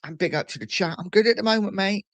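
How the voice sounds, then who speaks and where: A man's voice: high-pitched, fast, a bit bright, no room sound. Chatty man hosting a livestream. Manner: chatty, reads out viewer messages. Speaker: livestream host. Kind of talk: casual live chat.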